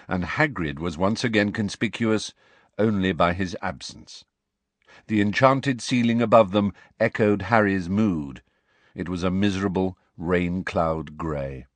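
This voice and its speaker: A man's voice: lowish voice, no echo. A man narrating a storybook aloud, giving each character a voice. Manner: expressive storybook reading, voicing each character. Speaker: audiobook narrator. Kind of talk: scripted narration.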